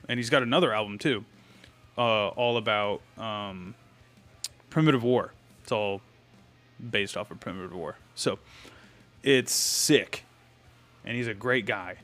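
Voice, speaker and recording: A man's voice: medium pitch, a bit bright. Chatty young man streaming with faint music. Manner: chatty and rambling, greets viewers, thinks aloud. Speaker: livestreamer. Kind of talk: casual live-stream chat. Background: faint metal music.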